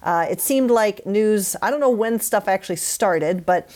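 A woman hosts a relaxed sports talk show, moving through the news with a playful, punning manner. She teases her co-hosts and pokes fun at her own jokes. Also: medium pitch, measured pace. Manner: joking, self-deprecating, punning. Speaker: podcast host. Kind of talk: casual sports chat.

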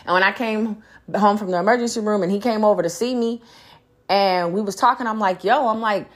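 A woman's voice: mid-range voice, a little fast. Woman podcast host, blunt and profane, emphatic venting monologue. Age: adult. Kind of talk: candid solo podcast venting.

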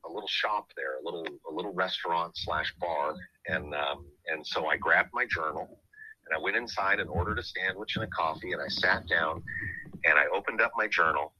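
Man, low voice, very bright tone, podcast host, earnest, reflective storytelling. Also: normal speed, a little hiss or hum, poor audio. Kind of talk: personal storytelling.

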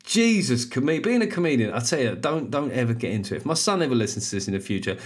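A man, hosting his podcast in a loud, animated, self-mocking comic monologue with plenty of swearing. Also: medium pitch, fast talker. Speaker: podcast host and stand-up comedian.

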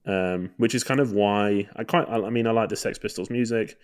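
A man's voice: lowish voice, brisk, clean tone. A man co-hosting a podcast, talking in a chatty, rambling way with many ums. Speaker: podcast co-host. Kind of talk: casual podcast chat.

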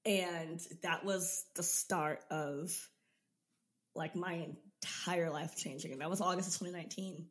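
A woman in her twenties speaks in a somewhat low register as a podcast guest. She tells her story with energy and laughs often. It sounds like a casual, personal interview. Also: steady tone, measured pace. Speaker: podcast guest, business coach.

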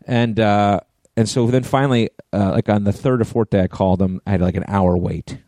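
A middle-aged man co-hosting a podcast, telling a profane, animated story in casual chat. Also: fairly low pitch, a little fast, no room sound. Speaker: podcast co-host.

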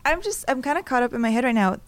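A woman's voice: a little high, expressive, fast talker. A woman hosting a podcast, asking questions conversationally and reading a friendly sign-off. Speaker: podcast host. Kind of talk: podcast interview and outro.

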